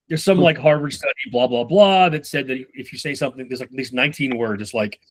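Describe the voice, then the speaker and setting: A man giving casual sales-management coaching, talking loosely and with profanity while acting out quick snippets of conversation. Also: medium pitch, animated. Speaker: sales trainer.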